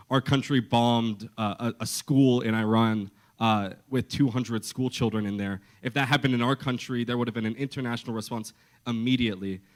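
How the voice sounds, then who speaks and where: A young man speaking as a student government candidate in a campus debate. He states his positions firmly and with passion. His voice is at a middle pitch for a man. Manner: impassioned, firm. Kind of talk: debate answer.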